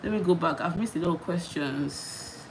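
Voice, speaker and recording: A woman's voice: fairly low pitch, normal speed, a little mellow. A Nigerian woman in her thirties chatting casually while answering viewer questions on a live stream, laughing often and repeating herself. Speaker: YouTuber hosting a live Q&A. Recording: noisy live-stream audio.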